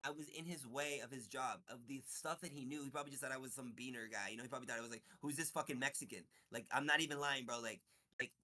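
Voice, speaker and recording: A man talking as an interview guest in casual chat, halting and restarting, swearing, getting heated. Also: mid-range voice, fairly even intonation, sharp tone.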